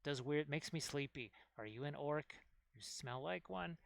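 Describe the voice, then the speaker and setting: A man's voice: on the high side, unhurried, creaky, no room sound. Treebeard, a man doing a suspicious tree giant. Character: suspicious ancient tree giant sniffing for orcs.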